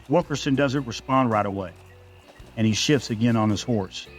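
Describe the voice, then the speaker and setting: A man reading a scripted first-person story in a steady, measured way. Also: medium pitch, faint music behind.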